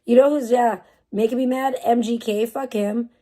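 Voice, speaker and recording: A woman's voice: on the high side, fairly even intonation, moderate pace, dark tone, slight background noise. A young woman chatting casually on a livestream, swearing a lot and answering chat in a bemused, exasperated way. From United States. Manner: profane, exasperated, bemused, talking back to chat. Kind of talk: casual live-stream chat.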